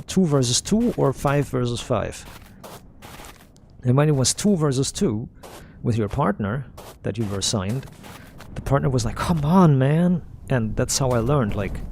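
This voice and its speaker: A man's voice: medium pitch, creaky, a little mellow, a little hiss or hum. A man rambling bluntly over a game playthrough, repeating and restarting his phrases as he goes. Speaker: gamer streaming a playthrough. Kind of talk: casual rambling commentary while playing.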